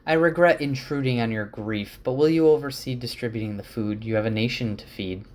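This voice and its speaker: A man voicing a young male leader who is weary and burdened, reading the lines quickly as part of a casual summary. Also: medium pitch, pitched above the performer's own voice, lightly acted.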